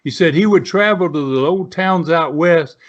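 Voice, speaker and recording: A man's voice: on the high side, normal speed. A man in his seventies, a guest on the show, telling a long story in a folksy, rambling way with many "you know"s and "right?"s. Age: 70s. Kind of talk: storytelling in an interview. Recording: dull lo-fi.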